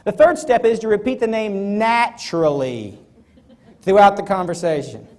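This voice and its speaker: A man's voice: high voice, normal speed. A man giving a motivational talk on stage before a live audience, acting out little scenes as he goes. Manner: animated, acts out little scenes. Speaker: motivational speaker.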